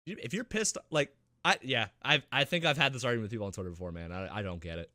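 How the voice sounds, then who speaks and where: A man co-hosting a gaming podcast in casual chat, animated and profane, often laughing. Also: medium pitch, quick pace, dry recording, studio quality. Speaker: podcast co-host.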